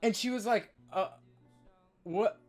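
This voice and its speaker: A young man, a streamer, telling stories in casual chat, excitable and stammering, loudly acting out what people said. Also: a little high, normal speed, soft background music.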